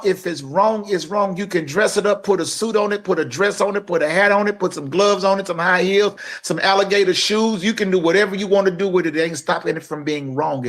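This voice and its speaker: A man's voice: sits high, a bit bright. A man co-hosting a talk podcast, speaking emphatically in a sermon-like way and addressing the listeners directly. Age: adult. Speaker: podcast co-host. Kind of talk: impassioned podcast talk, preacher-like.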